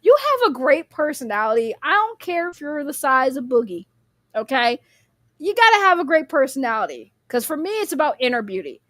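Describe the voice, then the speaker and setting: A woman's voice: high voice, sing-song, brisk, a bit bright, no echo, studio quality. A young woman, rambling bluntly in casual livestream commentary, laughing often and swearing freely.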